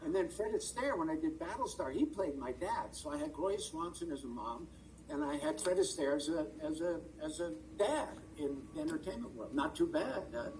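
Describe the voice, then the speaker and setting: A man's voice: on the high side, expressive, a little fast, a little mellow, far from the mic, slight background noise, poor audio. An older man, a stage and screen actor, telling rambling stories as an interview guest and often searching for words. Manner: chatty, rambling storyteller who searches for words. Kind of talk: anecdotal storytelling in an interview. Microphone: video call.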